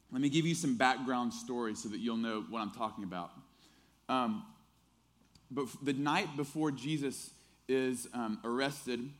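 Man preaching with hushed, animated swings. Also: medium pitch. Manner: shifts between hushed prayer and animated storytelling; conversational, with fillers and acted quotes. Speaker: pastor. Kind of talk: sermon.

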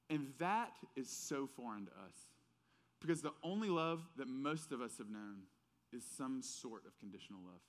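With a mid-range voice and a faint Southern accent, a man preaches a casual, conversational sermon. He tells stories animatedly, using many fillers.

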